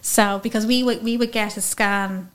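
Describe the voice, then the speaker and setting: A woman with an Irish accent, a guest telling a personal story in a lively, chatty way. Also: medium pitch, normal speed. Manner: chatty, lively, acts out quoted speech. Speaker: interview guest.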